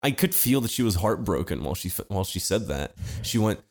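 A man's voice: lowish voice, sing-song, fast, a little mellow. A young man telling a story in casual chat, rambling with restarts, swearing and laughing as he goes.

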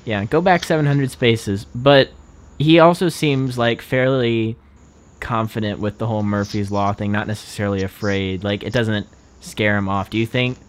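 A young man with a fairly low voice chats loosely on a podcast, piling up fillers and breaking into laughs. He rambles from one thought to the next in an easy, unscripted way. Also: normal speed. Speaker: podcast co-host. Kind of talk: casual chat.

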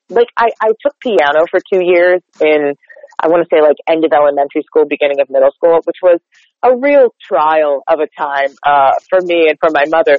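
A woman's voice: low voice, no echo. A woman from North Texas, a dialect coach, chatting in a casual interview with lots of "like" fillers. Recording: dull lo-fi sound, dry.

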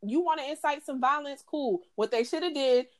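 A woman's voice: high-pitched, brisk, a loud crowd. Heated, swearing young woman podcaster. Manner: heated, profane, animated ranting. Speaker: podcast co-host. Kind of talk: casual podcast chat.

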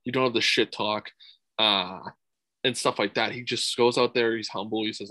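Young man, bright forceful voice, casual podcast chat, dry close sound. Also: lowish voice, brisk, dry recording, poor audio. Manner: casual, profane, excitable, says "dude" a lot. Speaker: podcast host.

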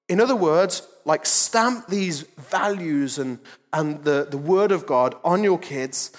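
Brief: male lead pastor, 30s, high voice, chatty joking sermon, long church-hall reverb. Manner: conversational, joking, self-deprecating preaching. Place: church auditorium.

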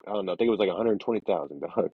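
A man's voice: deep voice, rapid-fire, slightly rough, phone-quality sound. A man in laid-back, slangy casual chat on a podcast. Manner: laid-back slangy talk with repeated fillers. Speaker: podcast co-host.

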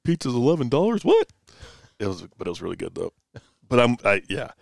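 A man's voice: medium pitch, wildly swooping pitch, brisk, gravelly, no room sound, studio quality. A man co-hosting a casual sports chat, telling stories with a laid-back manner and frequent laughs. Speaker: co-host.

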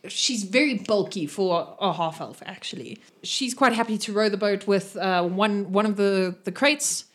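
A woman narrates a tabletop game as its game master. Her voice sits in a middle pitch. She stops and restarts often, filling gaps with ums and uhs. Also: fairly bright tone. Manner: halting, with many fillers.

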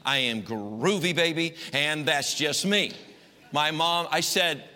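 A middle-aged pastor preaching with a bright, forceful voice pitched fairly high. He tells stories in an animated, folksy way. Long reverb rings through the church sanctuary. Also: slow. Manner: animated, folksy, swings between loud and hushed. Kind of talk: storytelling sermon.

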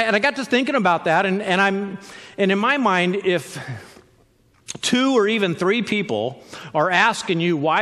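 A man with a high voice preaching a sermon, his speech echoing through a hall with a long reverb. He talks in a conversational way and breaks into joking asides. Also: fairly bright tone. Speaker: pastor.

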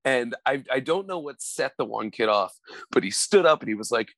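Animated storytelling man, dry sound. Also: mid-range voice, fairly quick, no echo. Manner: animated storyteller who laughs a lot and acts out quoted voices. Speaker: podcast co-host. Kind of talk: casual comedic chat.

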